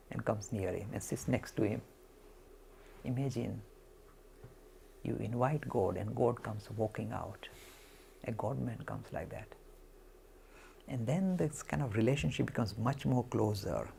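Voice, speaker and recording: A man giving a spiritual talk, telling a story in an animated way and acting out the quotes. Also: medium pitch, measured pace, gravelly, pauses often, a little hiss or hum. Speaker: lecturer.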